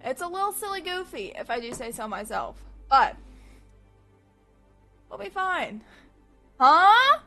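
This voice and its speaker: A woman streamer chatting casually with her live audience, chatty and animated, swearing freely. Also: high voice, measured pace, pauses often, soft background music.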